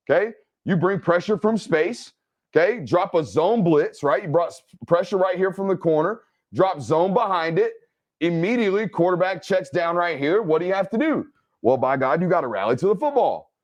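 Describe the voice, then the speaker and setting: Man, football film breakdown, energetic, keeps asking right and okay, slightly higher voice. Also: moderate pace. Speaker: football film analyst and host. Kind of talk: game film breakdown commentary.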